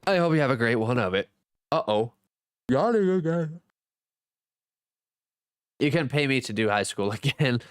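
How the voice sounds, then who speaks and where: A man's voice: expressive, fairly quick, clean tone. A man streaming a game, chatting casually, reading viewers' messages aloud and thanking them, joking at his own expense. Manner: reads and answers chat aloud, thanks viewers; jokey, self-teasing, swings between high and low pitch. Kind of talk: casual live-stream chat.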